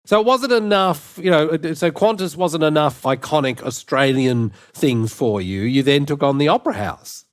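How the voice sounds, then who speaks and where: A man's voice: on the high side, animated, moderate pace, hardly any pauses, dry recording, clean studio sound. A man hosting a podcast interview, chiming in with playful, jokey asides. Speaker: podcast host. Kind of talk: casual interview chat.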